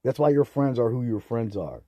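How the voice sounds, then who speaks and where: A man's voice: mid-range voice, expressive, normal speed, no echo, studio quality. Bitter, swearing young man ranting. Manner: profane, bitter and ranting, with loud outbursts. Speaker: vlogger. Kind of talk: angry solo rant to camera.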